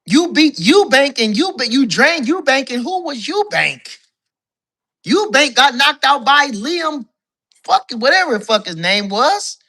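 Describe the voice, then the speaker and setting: A man's voice: extremely high pitch, big pitch swings, measured pace, sharp tone. A man calling in as a guest to a boxing talk show, ranting in casual, profane talk and hammering the same points again and again. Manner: profane, emphatic, repeats his points. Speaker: guest caller, boxing commentator.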